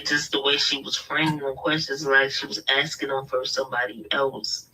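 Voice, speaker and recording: A man telling gossip on a livestream call in a loud, profane way, acting out other people's words. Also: medium pitch, normal speed, hardly any pauses. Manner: animated, profane, quotes others in raised voice. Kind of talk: casual gossip storytelling. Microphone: video call. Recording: distant mic with faint noise.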